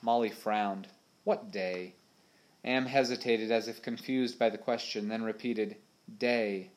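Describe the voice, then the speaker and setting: A man narrating a children's adventure storybook in a steady, measured way. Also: lowish voice. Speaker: audiobook narrator.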